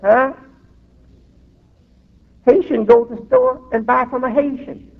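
A man preaching a sermon as an imam, emphatic and drawn-out, breaking off for asides, heard through a tinny recording in a reverberant hall. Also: very high voice, big pitch swings, creaky.

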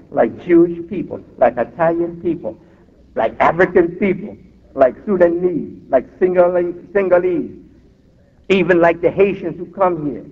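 Preaching as an imam, a man speaks emphatically and stretches his words, pausing for asides. His voice sits high, captured on a tinny recording in a reverberant hall.

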